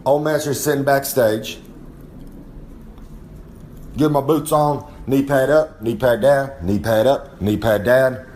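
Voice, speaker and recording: A man, a recurring segment guest, delivers a rambling in-character wrestling promo, boasting and referring to himself in the third person. His mid-range, slightly mellow voice is slow and fairly even, pausing often as he drawls through frequent asides. A little hiss or hum is audible.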